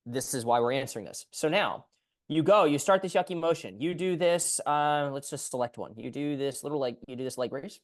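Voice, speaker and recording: A man coaching a client on a call as a physical therapist, explaining in an animated way and acting out what clients say. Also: medium pitch, a little fast. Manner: animated, acts out client voices.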